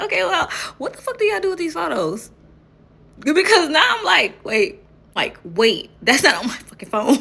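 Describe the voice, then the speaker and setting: A young woman talks casually to camera, telling a story with animated energy. Her voice is bright and sharp with a gravelly edge, and she often laughs and swears as she goes. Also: sits high, normal speed. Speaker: vlogger.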